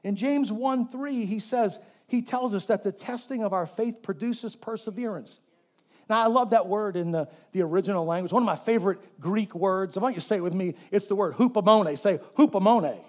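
A man preaching a sermon in church, animated and joking, who gets the congregation to repeat words after him. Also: sits high, normal speed. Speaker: pastor.

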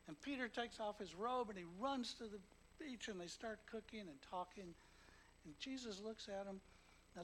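A man with a notably high voice preaches a sermon. He tells stories and acts out the quotes, dropping to a hush and then rising to loud, emphatic emphasis. Faint ambient noise sits behind him. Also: rough recording. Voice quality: emotional, emphatic. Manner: storytelling with acted quotes, swinging from hushed to loud.

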